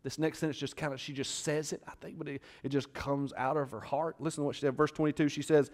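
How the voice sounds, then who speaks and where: A male pastor preaching a sermon, retelling a scripture story dramatically and questioning the congregation, moving between loud bursts and hushed moments. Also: on the high side, flat delivery, quick pace, few pauses. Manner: conversational, asks the crowd questions.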